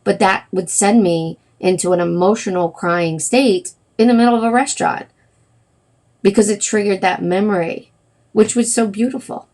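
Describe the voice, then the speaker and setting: A woman's voice: mid-range voice, moderate pace, a little mellow. A middle-aged woman hosting a wellness livestream, talking casually and rambling, with many fillers and self-corrections.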